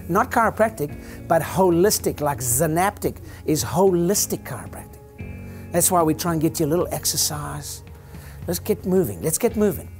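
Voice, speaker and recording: Older man, chiropractor talk, rambling and joking, preacher-like, very lively intonation. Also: on the high side, moderate pace, soft background music. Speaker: chiropractor giving a clinic talk. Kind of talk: informal lecture to an audience.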